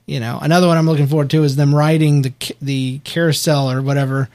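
A man co-hosting a casual show recap podcast, talking in a rambling, animated way with frequent restarts. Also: a little high, quick pace. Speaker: podcast co-host.

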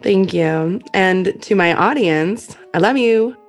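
A woman's voice: medium pitch, slow pace, soft background music. A woman with a Canadian accent hosting a podcast in casual chat, laughing often between her phrases. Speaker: podcast host.

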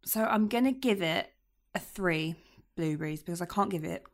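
A woman's voice: fairly low pitch, expressive, normal speed. Thoughtful woman weighing her opinion. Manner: hesitant, thoughtful, many ums. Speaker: podcast co-host. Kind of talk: casual podcast chat.

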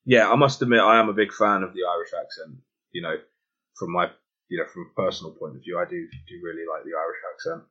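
A man with a London accent chats casually, stopping and restarting his sentences. His voice is low and husky. The audio is dull and lo-fi. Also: steady tone, quick pace, pushed and bright. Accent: London English. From England. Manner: chatty, hesitant, many restarts. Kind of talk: casual chat.

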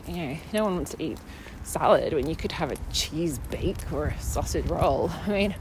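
A woman's voice: low-pitched, animated, moderate pace, background noise. A young woman vlogging, telling her day in a chatty, sarcastic way. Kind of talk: casual chat.

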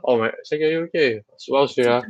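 A man hosting a podcast in casual chat, teasing and animated, with lots of fillers. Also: mid-range voice, fast, no echo, highs cut off. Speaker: podcast host.

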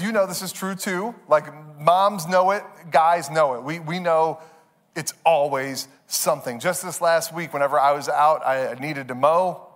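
Pastor, male, somewhat high voice, casual storytelling sermon, big church reverb. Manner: conversational storytelling, animated, asks congregation questions. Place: church sanctuary.

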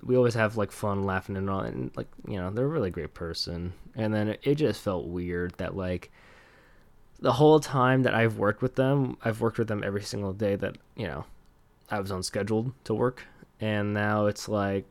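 A man's voice: fairly low pitch, normal speed, no echo. A young man hosting a casual solo podcast, rambling with lots of fillers and laughing at himself. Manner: rambling, filler-heavy, self-deprecating, laughs often. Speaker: podcast host.

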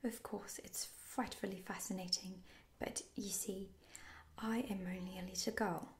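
A woman voicing an earnest young girl who plays mother, in a soft whispered role-play. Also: medium pitch, steady tone, measured pace, close to an everyday voice.

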